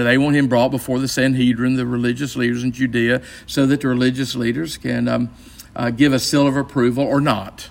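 A pastor with a gravelly, creaky voice teaches a Bible study. He explains in a relaxed, conversational way, often pausing and restarting his sentences. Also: medium pitch.

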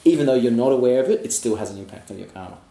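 A man telling a story to friends, animated and laughing along the way. His voice sits at a middle pitch, and it echoes in the room over faint background noise. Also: rapid-fire, vocal fry. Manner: animated, laughing anecdote-teller. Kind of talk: casual storytelling in a group chat.

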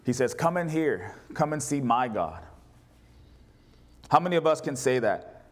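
A man's voice: fairly high pitch, expressive, fairly quick, pauses often. A male pastor preaching a sermon, reading scripture aloud and putting questions to his congregation.

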